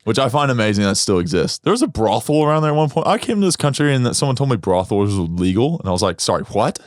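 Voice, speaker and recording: A man's voice: medium pitch, lively intonation, dry recording, clean studio sound. A man co-hosting a podcast in casual chat, throwing in short, playful reactions and jokes. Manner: quick reactive interjections, playful. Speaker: podcast co-host.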